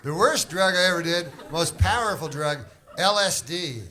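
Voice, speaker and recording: A middle-aged man from Canada doing stand-up crowd work, with rambling, deadpan, drawling storytelling. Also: high-pitched, normal speed. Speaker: stand-up comedian. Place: comedy club stage. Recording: live club set with a loud crowd. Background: audience laughter.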